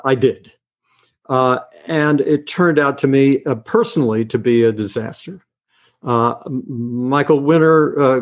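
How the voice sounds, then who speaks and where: An older man leans into a long anecdote as an interview guest, his voice sitting in an ordinary middle range. He hesitates often, restarting phrases and filling gaps with uhs. He pokes gentle fun at himself as he goes. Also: medium pitch. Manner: hesitant, full of uh and restarts, self-mocking. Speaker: guest actor. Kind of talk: relaxed anecdotal storytelling.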